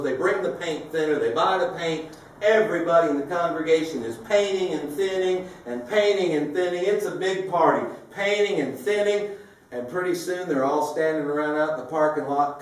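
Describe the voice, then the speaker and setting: A man tells jokes in an animated, story-spinning way, laughing at his own punchlines. His voice sits a little high. It echoes heavily through a big hall, picked up from far off. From south Louisiana. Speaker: preacher telling jokes. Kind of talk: comedic storytelling to a live audience.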